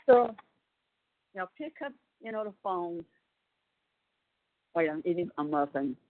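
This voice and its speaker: A woman with a lowish voice talks slowly and rambles through a retelling, full of "uh" and "you know" and restarts. The sound is a dry, tinny prison phone line. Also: expressive, no room sound. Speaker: family member on a prison phone call. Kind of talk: casual phone chat.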